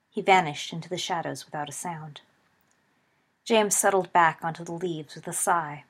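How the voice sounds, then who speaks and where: A woman narrating a story in a steady, measured reading voice. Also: fairly low pitch, breathy edge.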